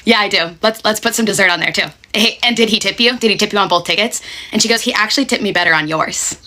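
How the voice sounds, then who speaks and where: A woman's voice: mid-range voice, quick pace, pushed and bright. A young woman who works as a server tells a story in a blunt, sweary, emphatic way and keeps asking "okay?". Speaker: restaurant server telling a story. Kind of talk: casual storytelling rant.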